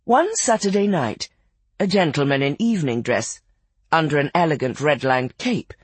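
A narrator reading a literary novel aloud in an expressive, measured audiobook style. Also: mid-range voice, breathy edge, no echo.

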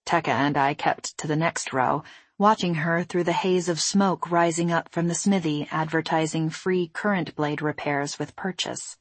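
A woman narrating a first-person novel in a steady, measured storytelling voice. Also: sits low, slightly rough, dry recording. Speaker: audiobook narrator.

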